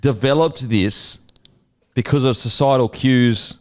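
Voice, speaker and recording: A man's voice: mid-range voice, a little slow, a little mellow. A young Australian man hosting a podcast, chatting casually in a rambling, sweary, laid-back way. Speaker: podcast host.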